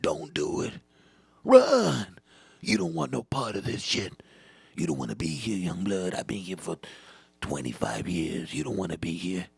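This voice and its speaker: A worn-out old janitor who hisses his warnings in a low, gravelly hush, as a man puts him on. He sounds dry and close, like a veteran who has given up on his job. The voice comes from a comedy podcast. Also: sing-song, normal speed, no echo, exaggerated voice. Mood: grim warning. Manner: hushed, ominous warnings. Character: bitter old male janitor, veteran worker.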